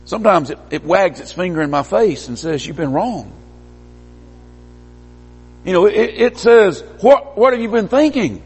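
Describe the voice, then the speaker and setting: A man preaches a sermon in a church hall, his slightly husky voice rising to emphatic peaks and then dropping low and quiet. His words ring out with a long reverb trailing behind them.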